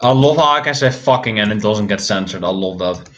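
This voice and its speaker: A man's voice: fairly low pitch, expressive, a little fast, a bit bright, muffled recording. A man giving casual reaction commentary as a music reviewer, swearing freely, ranting and restarting his words often. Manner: profane, ranting, frequent stammered restarts.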